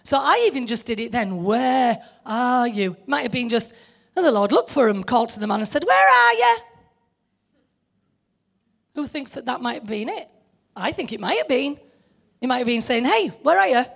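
A woman's voice: a little high, lively intonation, quick pace, vocal fry, breathy edge. A middle-aged woman preaching a sermon in a conversational way, asking the listeners questions.

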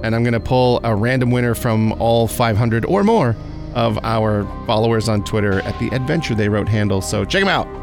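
Chatty man hosting a game podcast. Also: mid-range voice. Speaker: podcast host and player. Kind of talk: casual tabletop game chat.

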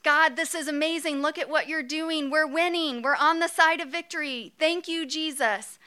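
A woman's voice: sits high, normal speed, pushed and bright, pitched above the performer's own voice. A woman doing a voice for Moses, an elderly man, praying eagerly and pleading with rising effort. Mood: hopeful praying.

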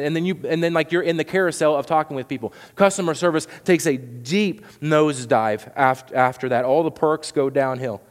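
A man's voice: fairly high pitch, brisk, hardly any pauses. A man preaching a sermon as pastor, earnest and urging, often repeating words as he presses a point. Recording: long hall reverb.

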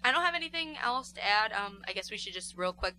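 A woman's voice: medium pitch, expressive, fast, crowd noise. A woman co-hosting a podcast in casual chat, talkative and laughing, often slipping into mock impressions. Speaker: podcast co-host.

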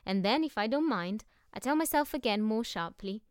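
A woman's voice: on the high side, lively intonation, normal speed, clear, resonant tone, dry recording, studio quality, lightly acted. A woman doing a brash, boastful little girl. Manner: loud, cheerful, brash. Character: bold boastful young girl telling tall tales.

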